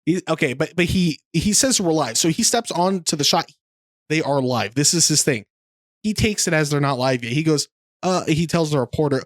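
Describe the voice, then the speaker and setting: A man's voice: fairly high pitch, lively intonation, normal speed, no room sound, studio quality. A young man co-hosting a podcast, casually retelling a film scene with lots of fillers. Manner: rambling storyteller, lots of fillers. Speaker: podcast co-host.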